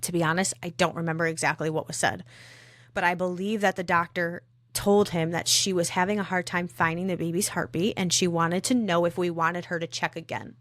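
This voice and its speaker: A woman telling her own story on a podcast, earnest and reflective, often halting and restarting. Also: on the low side, fairly bright tone, no echo.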